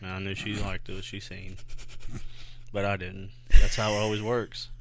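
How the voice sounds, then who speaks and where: A man's voice: fairly low pitch, flat delivery, a little slow, slight background noise. A man in his thirties co-hosting a podcast, telling crude, self-mocking stories in casual comedic chat. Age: 30s. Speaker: podcast co-host.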